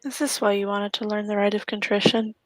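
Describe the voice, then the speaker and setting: A woman's voice: medium pitch, fairly even intonation, fairly quick, no room sound, low-quality recording. A woman playing a tabletop role-playing game, speaking politely and explaining in character. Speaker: tabletop role-play player.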